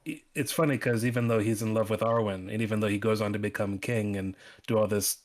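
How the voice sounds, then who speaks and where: A man's voice: fairly low pitch, steady tone, fast. A man co-hosting a casual film discussion, speaking hesitantly with many fillers and restarts. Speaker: podcast co-host.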